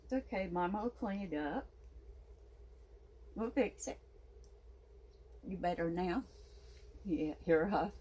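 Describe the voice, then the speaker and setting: A woman's voice: on the low side, animated, slow, long pauses, mellow. A woman talking to her pet snake in a casual vlog, cooing baby talk, a little stuffy from her sinuses. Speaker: snake keeper.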